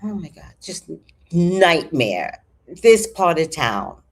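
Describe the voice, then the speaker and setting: A woman in her fifties telling a story to her viewers in an animated, chatty way, swearing freely. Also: fairly low pitch, slow, husky. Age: 50s. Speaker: vlogger. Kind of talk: casual storytelling to camera.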